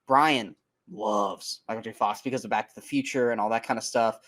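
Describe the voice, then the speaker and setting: With a lowish voice and brisk pace, a man co-hosts a casual movie review podcast. He talks in an animated, emphatic way, swearing freely and tripping over his words.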